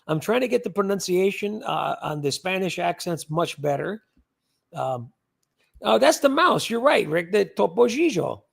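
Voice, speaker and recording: A man's voice: sits high, sing-song, normal speed, creaky. An older man hosting a livestream, chatting casually and rambling as he reads out viewer comments. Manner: chatty, rambling, repeats words. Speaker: livestream host.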